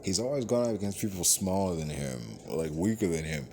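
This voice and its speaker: In a casual, profane movie review, a man rants in exasperation and acts out what the characters say. His voice is deep and a little fast, with a slight hiss or hum in the recording.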